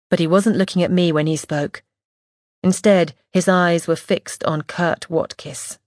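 A woman reading a first-person audiobook in a measured, wry, observant way, close to the mic. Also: on the low side, steady tone, darkish tone, no echo. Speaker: audiobook narrator.

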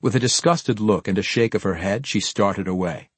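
A man reading a fantasy novel as an audiobook narrator, in a measured, low-key storytelling manner. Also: breathy edge, dry recording. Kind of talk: scripted narration.

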